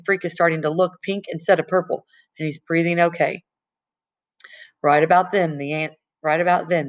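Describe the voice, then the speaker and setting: A woman reading a novel aloud in plain first-person storytelling, stumbling now and then. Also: fairly low pitch. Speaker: audiobook reader. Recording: dull lo-fi recording.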